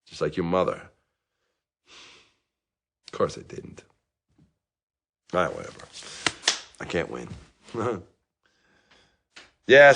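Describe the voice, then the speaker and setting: An actor playing a middle-aged divorced dad in therapy, rambling and self-justifying in a comic monologue, with bursts of anger. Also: male voice, rumbling low, gravelly, fairly bright tone, husky, full character voice. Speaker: therapy patient.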